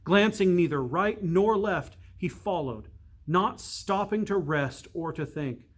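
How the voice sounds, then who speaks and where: A priest reading a storybook aloud, slow and measured, dropping to a hush for suspense. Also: male voice, high voice, lively intonation.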